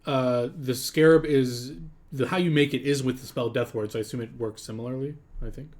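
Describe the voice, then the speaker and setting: A man's voice: mid-range voice, fairly even intonation, fairly quick, darkish tone. A man running a tabletop game as game master, mulling over rules aloud in an easygoing way.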